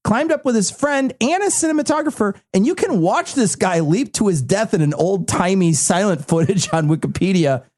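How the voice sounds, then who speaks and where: A man's voice: sits high, animated, normal speed, few pauses, a little mellow. A man hosting a comedy podcast, reading out facts in a wry, matter-of-fact way with joking asides. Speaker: podcast host reading the list.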